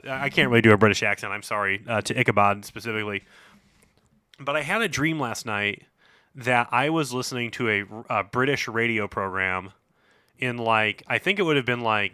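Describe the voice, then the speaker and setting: A man in his forties co-hosting a board game podcast, rambling through a story with plenty of "like" and "you know". His voice is bright and sits in a middle pitch. The sound is close and dry. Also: smooth, no room sound. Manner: rambling storyteller with many fillers. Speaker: podcast co-host. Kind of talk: casual chat.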